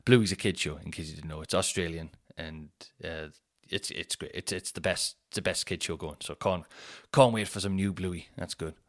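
A man's voice: low voice, steady tone, moderate pace. A man hosting a casual solo podcast, rambling and self-deprecating, swearing now and then. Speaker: comedian podcast host.

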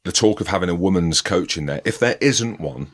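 A man's voice: sits low, lively intonation, brisk. A man hosting an interview, asking rambling questions that trail off and restart. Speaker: podcast host.

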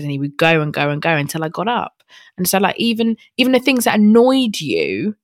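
A woman's voice: on the low side, big pitch swings, fairly quick, no echo, clean studio sound. A young woman hosting a podcast, talking candidly and from the heart in a chatty way, with lots of fillers, restarts and some casual swearing. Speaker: podcast host. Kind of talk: candid personal podcast monologue.

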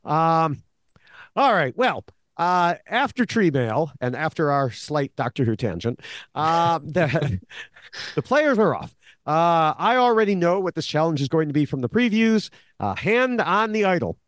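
Very animated yet unhurried, a man with a slightly high voice co-hosts a podcast, recapping episodes casually with many fillers and restarts. He's a longtime analyst of the show, heard in studio quality with no room sound.

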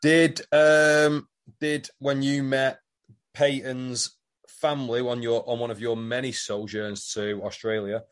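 A man's voice: medium pitch, flat delivery, takes it slowly. A young man with a mid-range voice trading remarks on a podcast. He sounds dry and blunt, and some of his comments are rather crude. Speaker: podcast co-host. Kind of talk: casual chat.

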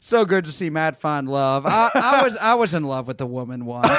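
A man appearing as a comedian guest on a podcast, tossing out deadpan, crude one-liners in casual banter. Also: a little high, no echo.

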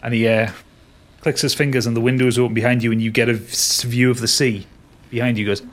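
A man's voice: mid-range voice, flat delivery, fast talker. A man narrating a tabletop game as game master, describing scenes and laughing with his players.

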